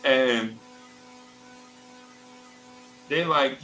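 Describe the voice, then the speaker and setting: This mid-range male voice moves at normal speed, with a little hiss or hum on a low-quality recording. He's a show host in his fifties rambling through a childhood story in casual talk, animatedly quoting other people in their voices, full of restarts and asides.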